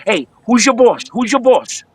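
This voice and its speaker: A man putting on the voice of a gruff, bossy, protective tough guy with a brash, commanding streetwise delivery, as he tells a story. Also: very high-pitched, big pitch swings, moderate pace, no echo, voice pushed up, exaggerated voice.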